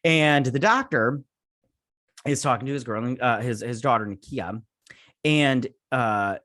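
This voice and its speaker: A man talks through a review in a loose, rambling way, with his frustration showing through constant restarts and fillers. His voice sits at an ordinary middle pitch. The sound is dry and close, with no room around it. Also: expressive, a little slow, a bit bright, no room sound. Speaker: YouTube review host. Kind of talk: casual spoken review.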